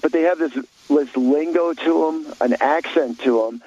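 A man's voice: fairly high pitch, moderate pace, dark tone, lo-fi sound. A man talking in a blunt, opinionated way on a talk radio show, rambling with many restarts.

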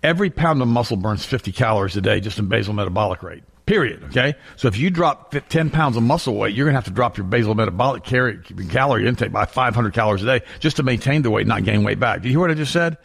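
A man's voice: mid-range voice, lively intonation, fast talker, creaky, few pauses, husky. A man hosting a talk show, ranting emphatically about diet and repeating words to drive points home.

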